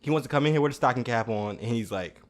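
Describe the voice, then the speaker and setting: A young adult man hosting a show, telling comedic stories in a casual, animated way, swearing freely. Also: medium pitch, quick pace. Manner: animated, swearing, laughing at his own stories. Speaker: podcast host.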